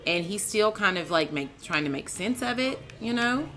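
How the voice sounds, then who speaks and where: A woman hosting a casual TV recap, excitable and chatty, calling out to her co-host and viewers with lots of "like", "man" and "dude". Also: on the low side, moderate pace, few pauses, faint music behind. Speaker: TV show reviewer, channel host.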